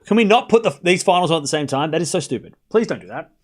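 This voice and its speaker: A man with a high, bright-toned speaking voice calls tennis live for his stream. He talks casually to his chat, running through each rally quickly. At the big moments he gets excited and raises his voice to a shout. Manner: casual and chatty, with slang and asides. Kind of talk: live watchalong play-by-play commentary.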